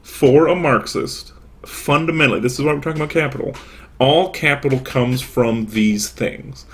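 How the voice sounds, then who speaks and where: A man's voice: mid-range voice, normal speed, a bit bright. Chatty man giving a casual lecture. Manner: chatty, asides and rhetorical questions.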